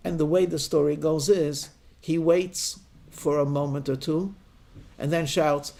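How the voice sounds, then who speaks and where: A male rabbi giving a sermon, telling a parable with deliberate, slowed emphasis. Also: a little high, steady tone, creaky, darkish tone.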